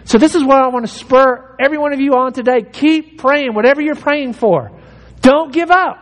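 A pastor preaching an emphatic sermon, urging his listeners and acting out the prayers he quotes. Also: normal speed. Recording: hall reverb with faint rumble.

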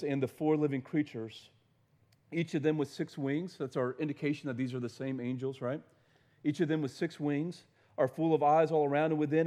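A man's voice: medium pitch, warm tone. A man preaching a sermon, earnest, stumbling over and repeating words, often asking his listeners questions. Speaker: pastor.

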